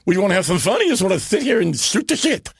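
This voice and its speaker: A man's voice: high voice, very animated, rapid-fire, creaky, breathy edge, voice pushed up, exaggerated voice. A man imitating a jolly, mischievous old vaudeville comedian, giddy and teasing. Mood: gleeful.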